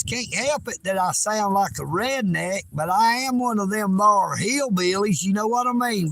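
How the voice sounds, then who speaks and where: A man's voice: high voice, lively intonation, normal speed, vocal fry, hardly any pauses, fairly bright tone. A man from Georgia with a Southern accent, live-streaming outdoors at a lakeside park and chatting in a folksy, boastful way, teasing his viewers. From Georgia, United States. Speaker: livestream host. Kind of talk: casual outdoor livestream chat.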